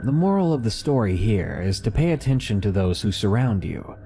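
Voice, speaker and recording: A man giving scripted narration of submitted horror stories, with lively, dramatic storytelling. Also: on the low side, a little fast, vocal fry, a little hiss or hum.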